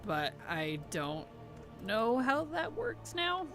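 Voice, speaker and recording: A man's voice: very high-pitched, huge pitch swings, slow. A man chatting casually on a game live stream, answering viewer chat with easy laughs. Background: background music.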